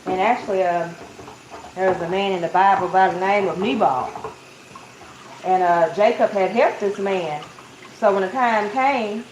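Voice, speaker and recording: A woman preaching an informal sermon, telling a Bible story in a chatty, conversational way and calling her listeners y'all. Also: mid-range voice. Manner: conversational, addresses listeners as y'all, acts out quotes. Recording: muffled, roomy, faint hiss.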